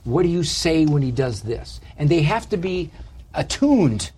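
Man, husky, lively pitch, guest author, casual interview talk, storytelling. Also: a little slow. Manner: animated storytelling, acts out quoted voices.

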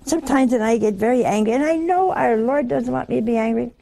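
A woman giving a sermon, telling homely stories with humor and slow, drawn-out emphasis. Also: fairly high pitch, creaky, dark tone. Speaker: religious speaker.

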